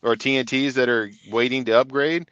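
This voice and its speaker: A man with a smooth, resonant voice chats in a relaxed, rambling way on a podcast. The sound is dry and a little dull. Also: medium pitch, brisk, no room sound. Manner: laid-back, talks in long run-on explanations. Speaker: CDL instructor, co-host. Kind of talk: casual podcast chat.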